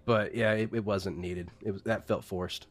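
A man's voice: on the low side, fairly even intonation, moderate pace. A man co-hosting a casual movie podcast, nitpicking scenes with lots of swearing and laughter. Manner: nitpicky, profane, laughs often. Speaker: podcast co-host reviewing a movie. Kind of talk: casual chat.

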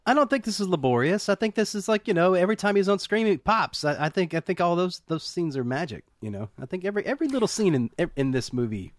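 A man co-hosts a film podcast with real enthusiasm, his pitch rising and falling freely. He often stumbles and restarts as he talks, and his voice is recorded dry and close. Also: big pitch swings, fast talker, few pauses, dry recording. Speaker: podcast co-host. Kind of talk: casual film chat.

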